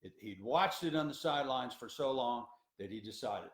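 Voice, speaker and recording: A man's voice: mid-range voice, lively intonation, moderate pace. Man telling road stories in a roomy echo. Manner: folksy, emphatic storytelling with many restarts. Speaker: tour coordinator. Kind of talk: educational talk to students.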